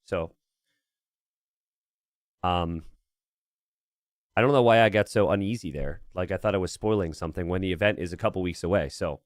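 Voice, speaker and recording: A man's voice: low voice, normal speed, long pauses, no room sound. Guy casting a game on stream, just rambling and chatting w his viewers, dry close mic. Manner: chatty and rambling, thinks aloud and talks to chat. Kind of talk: casual live-stream commentary.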